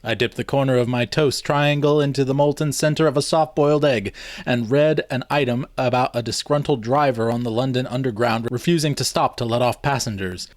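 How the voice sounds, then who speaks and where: A man narrating a first-person novel aloud in a wry, expressive storytelling manner. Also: mid-range voice, no room sound, studio quality. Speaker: reader.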